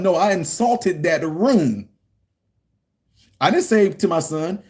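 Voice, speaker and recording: A middle-aged man giving political commentary to a live chat, animated and preachy, talking straight to his viewers. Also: high voice, unhurried, long pauses.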